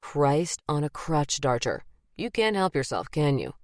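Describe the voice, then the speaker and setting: A man's voice: on the high side, big pitch swings, measured pace, no echo, clean studio sound. A woman reading the part of a blunt, teasing older male FBI agent in an audiobook. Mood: gruff.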